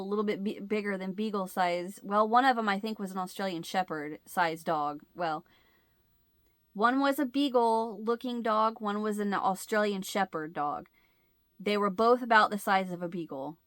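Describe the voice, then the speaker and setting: A middle-aged woman with an ordinary, mid-pitched voice talks casually to her channel's viewers. She rambles through her story, often losing her words and starting over. The sound is dry, with no room echo. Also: normal speed, a bit bright. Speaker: host of a crochet channel.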